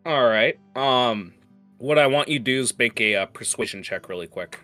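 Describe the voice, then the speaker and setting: A man's voice: mid-range voice, expressive, moderate pace, sharp tone, soft background music. A man narrating a tabletop game as game master, in a casual way with many filler words.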